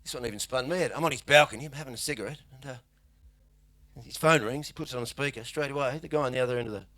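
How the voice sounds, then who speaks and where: Middle-aged Australian man, Australian accent, stand-up comedy set, rambling swear-heavy storytelling, bright edgy tone. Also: mid-range voice, quick pace.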